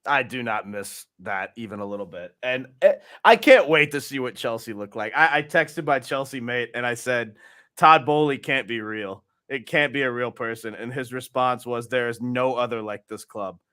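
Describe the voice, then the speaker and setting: A man's voice: mid-range voice, normal speed, sharp tone, no echo, clean studio sound. A man co-hosting a fan football show, talking in an emphatic, opinionated way. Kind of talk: casual football chat.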